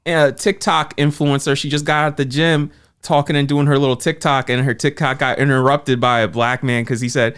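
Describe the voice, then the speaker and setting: Smooth-voiced joking man, high. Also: flat delivery, a little fast, a bit bright. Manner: joking, slangy banter. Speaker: podcast co-host. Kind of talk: casual profane chat. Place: recording studio.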